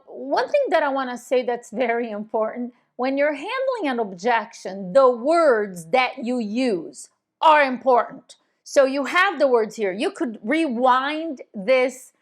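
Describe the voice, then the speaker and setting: Confident woman coaching, slightly high voice. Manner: confident, emphatic, demonstrates tone with sudden pitch jumps. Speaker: real estate coach. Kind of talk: instructional video talk.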